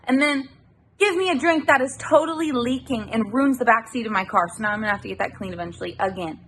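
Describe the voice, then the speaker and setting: A woman vlogs from inside her car on a handheld phone camera, her voice a little high, a bit bright, and quick. She's a delivery driver chatting casually to the camera, venting her irritation and swearing freely, with slight background noise.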